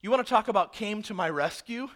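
A male pastor preaching a sermon, animated and acting out the people in the story. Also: sits high, quick pace. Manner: animated, acts out characters.

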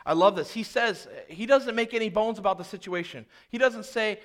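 Earnest high-voiced male preacher. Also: moderate pace, hardly any pauses. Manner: earnest preaching with dramatic dynamic swings, quieting low then rising loud. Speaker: pastor. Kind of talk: sermon.

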